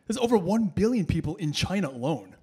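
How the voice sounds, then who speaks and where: Man, stand-up comedy set, animated delivery, swooping pitch, acts out voices. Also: brisk, slightly rough. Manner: animated storytelling, acting out voices. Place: comedy stage with laughing audience.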